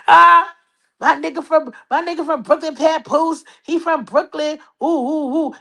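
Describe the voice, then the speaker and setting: A woman's voice: very high voice, animated, very slow. A woman with a New York accent hosting a podcast, dishing celebrity gossip in brash, profane, mocking casual chat. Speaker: podcast host.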